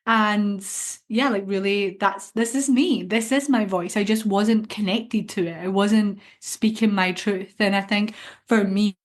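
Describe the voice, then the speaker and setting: A woman's voice: medium pitch, a little slow. A young woman co-hosting a spiritual podcast, talking earnestly and reflectively in casual chat, often repeating phrases. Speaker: podcast co-host.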